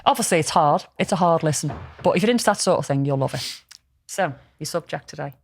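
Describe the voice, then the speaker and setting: A woman's voice: low voice, animated, quick pace, vocal fry, slight background noise. A woman, casually telling a story on a podcast, rambling with lots of ums and restarts. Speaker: podcast co-host.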